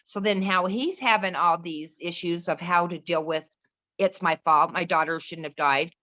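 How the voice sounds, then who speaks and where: On dull-sounding audio, a middle-aged woman with a fairly low, pushed and bright voice talks at a moderate pace. She is a podcast guest recounting a personal story, earnest and rambling, with restarts and quoted remarks from others, in a casual storytelling chat.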